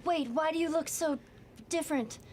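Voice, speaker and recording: A woman's voice: high voice, normal speed, darkish tone, slight background noise, close to an everyday voice. A woman voicing a startled young woman who pleads in a frightened, breathless rush. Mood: panicked.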